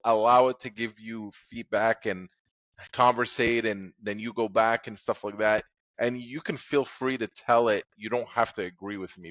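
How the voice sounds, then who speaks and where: A man's voice: fairly low pitch, fairly bright tone, no room sound. A man in casual podcast chat who rambles with many fillers and laughs at his own stories. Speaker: podcast co-host. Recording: dull lo-fi audio.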